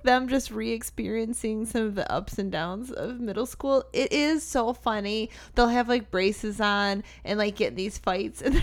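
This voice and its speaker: A woman co-hosting a casual chat show, enthusiastic and gushing. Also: fairly high pitch. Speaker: podcast co-host.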